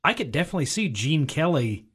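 Animated, higher-voiced man co-host. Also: quick pace, slightly rough. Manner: rambling and enthusiastic, with frequent fillers. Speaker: film review podcast co-host. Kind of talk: casual chat.

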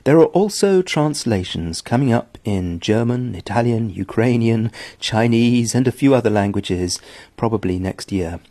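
Warm, low-voiced man on a dry mic. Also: animated, normal speed, dry recording. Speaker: story writer. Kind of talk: scripted announcement.

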